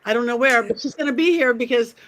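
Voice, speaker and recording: A chatty woman host on a video call rambles through her news and plugs. Her voice sits slightly high. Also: quick pace, a bit bright. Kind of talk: casual livestream chat.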